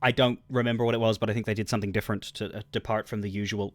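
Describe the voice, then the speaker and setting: A man's voice: fairly low pitch, flat delivery, racing, dry recording. A man streaming a game, chatting casually in a rambling, wry and crude way. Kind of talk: casual livestream commentary.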